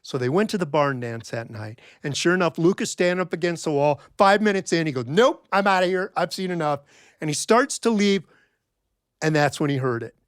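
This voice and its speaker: A middle-aged man telling a folk tale in a wry, folksy, animated way. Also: on the high side, a little fast, no room sound, clean studio sound. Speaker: storyteller. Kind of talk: told folk-tale storytelling.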